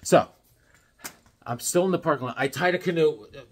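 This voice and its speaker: A middle-aged comic book collector vlogger talks casually about his comics, his voice a little high and a little fast with a breathy edge. He rambles in a show-and-tell way, drifting into jokey stories.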